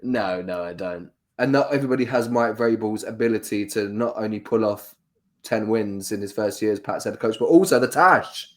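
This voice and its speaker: A London-accented man co-hosting a laid-back sports podcast. His voice is fairly low for a man, and he rambles through playful rants, piling up asides as he goes. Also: moderate pace. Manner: rambling, jokey ranting. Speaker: podcast co-host. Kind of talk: casual sports chat.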